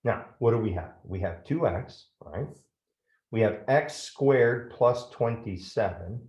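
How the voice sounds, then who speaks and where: Low-voiced man teaching math, echoey room. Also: animated, takes it slowly, darkish tone, lo-fi sound. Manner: step-by-step, checks in with "right?". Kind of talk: classroom math lesson.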